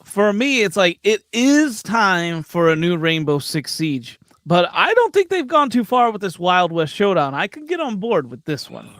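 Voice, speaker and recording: A man's voice: high-pitched, sing-song, moderate pace, few pauses, a bit bright, dry recording. A man co-hosting a gaming podcast, speaking in casual chat with hesitant fillers. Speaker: podcast co-host.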